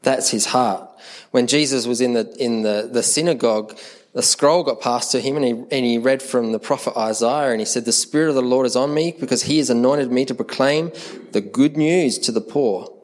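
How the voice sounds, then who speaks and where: Animated Australian pastor preaching. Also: male voice, medium pitch, normal speed. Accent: Australian, Adelaide. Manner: conversational, animated, acts out quoted voices. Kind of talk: sermon.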